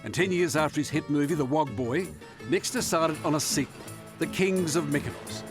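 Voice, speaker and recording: Wry Australian TV reporter narrating. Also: male voice, a little high, moderate pace. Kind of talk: scripted news narration. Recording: voice-over with music underneath.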